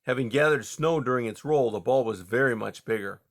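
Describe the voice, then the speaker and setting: A man narrating a children's novel in a steady, measured reading style. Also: medium pitch. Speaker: audiobook reader. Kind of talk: storybook narration.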